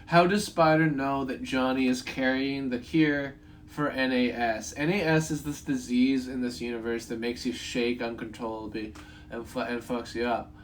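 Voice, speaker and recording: A man's voice: mid-range voice, fairly even intonation, normal speed, slight background noise. A young man reviewing a movie in casual talk, rambling, swearing freely and chuckling at his own points.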